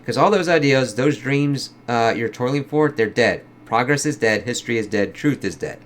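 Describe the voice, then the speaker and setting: A man's voice: mid-range voice, normal speed, lightly acted. A man reading aloud the speech of a nihilistic male party instigator, in his plain voice. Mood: taunting.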